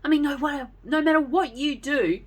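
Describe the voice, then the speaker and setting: A woman voicing a hyperactive young boy knight in a read-aloud story, talking in an excited, bouncy way. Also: high voice, moderate pace, pitched above the performer's own voice, natural voice. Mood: eager.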